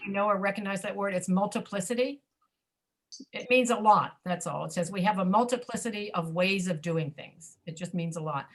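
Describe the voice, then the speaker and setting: A woman with an American accent teaching an online English pronunciation class, patiently repeating words slowly to show where the stress falls. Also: mid-range voice, slight background noise.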